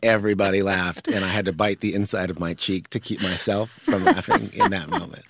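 A man who acts on stage, telling backstage stories with relaxed enthusiasm. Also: sits low, a little fast, heavy background noise. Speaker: stage actor, guest. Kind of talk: interview answers.

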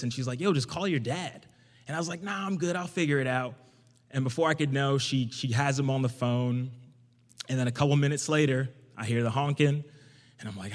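A young man telling a personal story to an audience in a casual, conversational way, getting animated when he quotes himself. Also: medium pitch. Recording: long hall reverb.

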